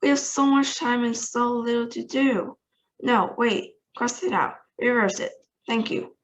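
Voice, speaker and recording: A woman reading a storybook aloud, voicing an eccentric, excitable male chocolatier in a bouncy, theatrical way. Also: on the high side, unhurried, pitched above the performer's own voice, lightly acted, rough recording. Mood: excited.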